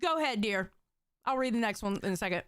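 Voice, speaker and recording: A woman hosting a casual livestream chat, reading viewer messages aloud, animated and swearing casually. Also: mid-range voice, fast talker, clean tone, dry recording, studio quality. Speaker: host.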